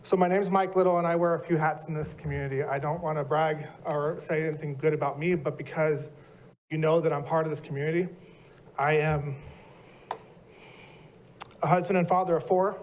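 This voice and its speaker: A middle-aged man speaks at a city planning meeting's public comment. His voice sits a little high for a man, and he talks in an earnest, emotional way. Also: fairly even intonation, a little fast, long pauses, darkish tone, slight background noise. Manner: earnest, emotional, listing his civic roles.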